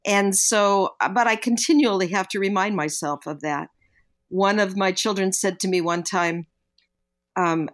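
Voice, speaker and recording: A woman's voice: medium pitch, measured pace. An older woman, a guest on a parenting podcast, telling stories in an earnest, reflective way. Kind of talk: podcast interview.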